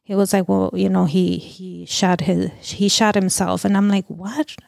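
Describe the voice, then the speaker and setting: Halting middle-aged woman, gravelly voice. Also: medium pitch, flat delivery, darkish tone, no room sound, clean studio sound. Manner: halting, many restarts and "like" fillers. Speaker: guest. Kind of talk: emotional personal testimony.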